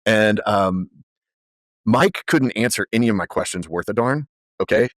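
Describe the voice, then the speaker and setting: Podcast guest, male, lowish voice, animated storyteller, dry close sound. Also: moderate pace, no echo. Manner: animated, lively storyteller with frequent fillers. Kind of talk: conversational storytelling.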